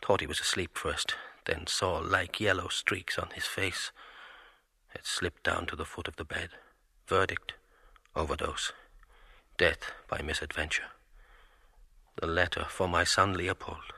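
A man's voice: sits low, little pitch movement, unhurried, vocal fry, pauses often, pushed and bright, breathy edge, no echo, studio quality, heavily acted. An actor voicing a middle-aged man's inner monologue in clipped, murmured fragments of thought. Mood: musing. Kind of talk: audio drama inner monologue.

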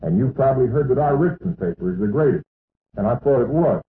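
A man's voice: mid-range voice, lively intonation, quick pace. A man giving an emphatic, boastful rally speech to an audience in a meeting hall. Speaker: political speaker. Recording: tinny, echoey archival hall recording.

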